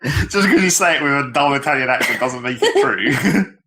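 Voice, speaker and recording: Male co-host, bright, forward voice, dry teasing delivery. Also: medium pitch, expressive, moderate pace. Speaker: podcast co-host. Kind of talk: casual chat.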